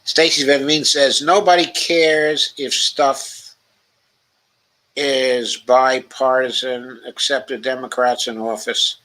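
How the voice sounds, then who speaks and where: A man hosts a political livestream in an unhurried, deliberate way, reading out viewer comments and then answering them. He has a bright, forward voice and often stops on "um" between thoughts. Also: medium pitch, little pitch movement, poor audio. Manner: reads chat comments aloud, then remarks on them, with many "um" fillers.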